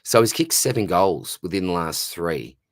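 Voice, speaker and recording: A young Australian man hosts a fantasy football livestream, answering viewers in a relaxed, matey way. His voice sits very low. The sound is dry and close with no room echo. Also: moderate pace. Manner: chatty, says "mate" constantly, greets viewers by name. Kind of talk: casual livestream chat reading viewer comments.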